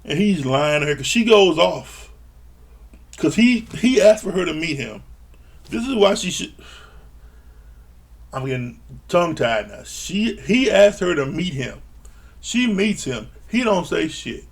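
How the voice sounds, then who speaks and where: A man's voice: sits high, very animated, a little slow, vocal fry, pauses often. A man recapping a reality TV episode in a blunt, exasperated rant, swearing freely. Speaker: reality TV reviewer. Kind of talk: casual ranting recap.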